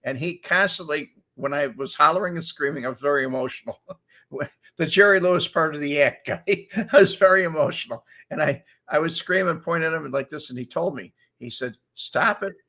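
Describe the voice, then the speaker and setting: An older man hosting a casual talk show, telling animated stories and laughing often as he acts out quotes. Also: a little high, moderate pace. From Chicago area. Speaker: show host. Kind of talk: casual storytelling chat.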